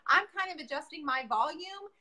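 A woman with a high, bright voice hosts a casual livestream, chatting warmly with her guest and the viewers. She talks in an upbeat, easygoing way, as if over a video call. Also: lively intonation, brisk. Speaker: host of a painting livestream.

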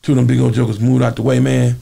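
A man being interviewed, telling animated stories in a casual way and acting out the voices. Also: mid-range voice, fast talker. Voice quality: gravelly, raspy. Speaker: interview guest. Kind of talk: casual storytelling.

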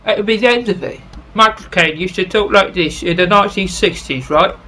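A man's voice: high voice, bright, forceful tone, slight background noise. A man doing playful of film actors, in a casual video. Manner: mimicking, playful. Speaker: pipe video maker doing impressions. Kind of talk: comic impressions of film actors.

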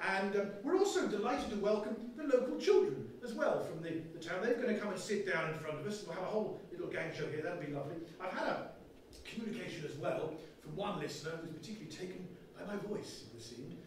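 A man's voice: sits high, lively intonation, fast talker, slight background noise. A man playing a cheeky, mocking 1920s radio engineer in a comic one-man stage play, with a teasing, irreverent manner. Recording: echoey hall, far from mic.

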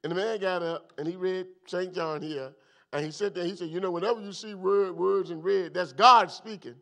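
A man pastor teaching a midweek Bible study, an animated preaching manner that swings from loud bursts to low asides. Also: moderate pace, vocal fry.

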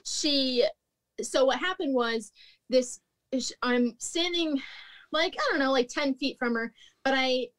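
A woman with a somewhat high voice tells stories from her restaurant days. Her talk is loose and chatty, full of "like", with frequent laughter. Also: unhurried, fairly bright tone. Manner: chatty, peppered with "like", laughs often. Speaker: guest, former restaurant manager. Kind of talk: casual storytelling chat.

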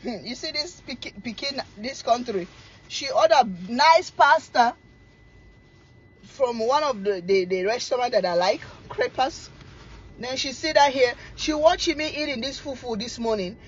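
A middle-aged woman, chatting casually to camera as a cooking vlogger, telling stories in a teasing, animated way and laughing often. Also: on the high side, a little slow, breathy edge, dull audio.

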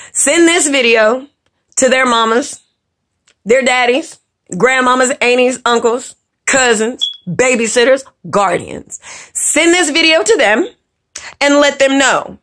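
A vlogger who also teaches makeup rants angrily at the camera, her voice pitched on the high side with a fairly bright tone. She's blunt and profane, scolding viewers and repeating words for emphasis in a casual rant.

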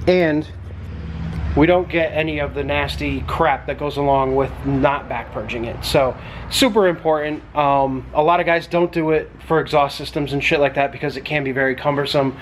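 A man showing his welding work in a relaxed, plain-spoken way, with casual swearing, recorded in his fabrication shop. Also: on the high side, moderate pace, slight background noise. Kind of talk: casual show-and-tell.

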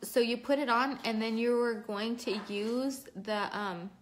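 At home, a woman hosts a casual livestream makeup tutorial, chatting and reading viewers' names aloud as she works. Her voice is fairly high and unhurried, with a noisy background.

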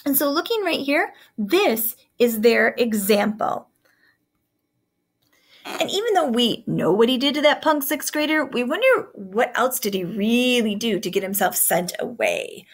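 A woman's voice: fairly high pitch, expressive, measured pace. A woman teacher giving a recorded writing lesson, upbeat and instructive as she addresses students.

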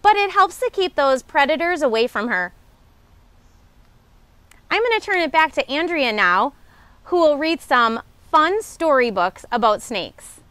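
Nature center lady talking to kids, high bouncy voice, dry sound. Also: sing-song, a little slow, a bit bright, no echo. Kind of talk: children's nature program.

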